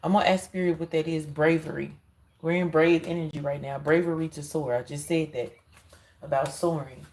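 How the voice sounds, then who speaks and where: A woman's voice: sits low, steady tone, fairly quick, a little mellow, poor audio. A woman giving an intuitive card reading, speaking emphatically and straight to her viewers, often repeating herself. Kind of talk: spiritual card reading monologue.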